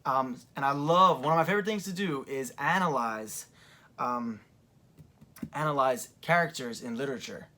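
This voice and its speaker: A young man in a casual commentary vlog, recapping events in a loose, rambling way full of ums and likes. His voice sits at an ordinary middle pitch, and a chair creaks under him as he talks. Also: normal speed, pushed and bright. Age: young adult. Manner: rambling, filler-heavy retelling. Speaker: wrestling fan reviewer.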